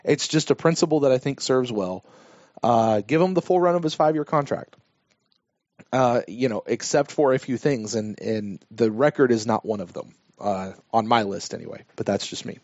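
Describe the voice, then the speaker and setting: A man co-hosting a sports podcast, reading listener emails aloud and giving his take in a measured, self-deprecating way. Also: medium pitch, a little mellow, dry recording. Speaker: podcast co-host. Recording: dull, dry lo-fi podcast audio.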